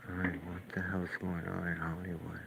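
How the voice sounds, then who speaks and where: A man's voice: sits low, monotone, normal speed, vocal fry, noisy background. A man who paints, ranting in casual, profane, scornful commentary while reacting to clips.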